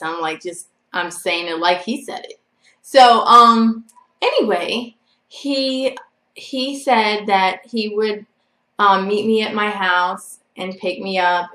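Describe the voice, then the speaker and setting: A woman's voice: mid-range voice, a bit bright. A woman telling a personal story to her viewers in a chatty, rambling way. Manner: chatty and rambling, full of "like" and "you know". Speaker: vlogger. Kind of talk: casual storytelling to camera. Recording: echoey room.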